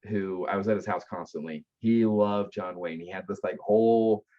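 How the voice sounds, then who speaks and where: A man, founder of an aftercare company, telling stories in an earnest, animated way with frequent restarts. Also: on the low side, normal speed, dull audio. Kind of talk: conversational storytelling.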